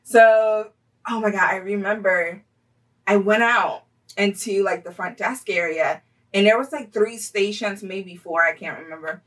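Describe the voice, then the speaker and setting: A chatty young woman tells a story-time vlog, her voice bright and forward. She leans on fillers and laughs often, and she sits a little back from the mic. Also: medium pitch, a little slow, distant mic, low-quality recording. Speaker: vlogger telling a personal story.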